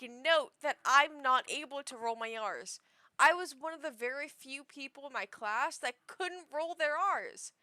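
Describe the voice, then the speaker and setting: A woman's voice: high voice, bright, forceful tone, no echo, studio quality. A young woman chatting casually on a stream, rambling and self-deprecating with frequent giggles. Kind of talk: casual chat.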